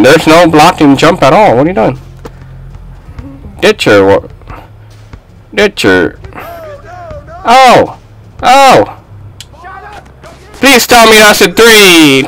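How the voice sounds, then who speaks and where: A man giving live commentary over a basketball video game, excitable and trash-talking his teammates. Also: fairly high pitch, low-quality recording. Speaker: gaming YouTuber.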